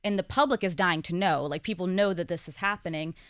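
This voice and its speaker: A woman in her thirties talks through her experiences in a candid, conversational podcast chat. Her voice sits fairly low and sounds smooth and clear. It is recorded close and dry, with no room sound. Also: no room sound. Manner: candid and quick, with frequent laughs and fillers. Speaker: co-host and guest.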